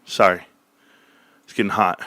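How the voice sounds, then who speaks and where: Brash male streamer, mocking and profane; bright, tense, slightly high voice, close and dry. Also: steady tone, measured pace, no room sound. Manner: brash, mocking, swears freely. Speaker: livestream host. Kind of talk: joking livestream commentary.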